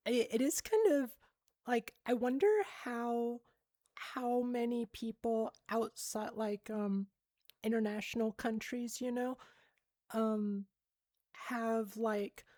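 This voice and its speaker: A woman streams casually and replies to her chat at an unhurried pace. She rambles with lots of fillers and soft giggles. Her voice is close and dry on a desk mic. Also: on the high side, steady tone, no echo. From United States. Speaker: livestreamer reading chat.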